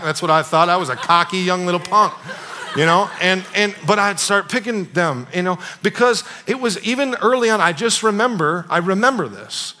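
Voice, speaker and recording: A man pastor preaching in a church, telling a personal story in a casual, animated way, repeating phrases and checking in with "you know what I'm saying". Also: high-pitched, moderate pace.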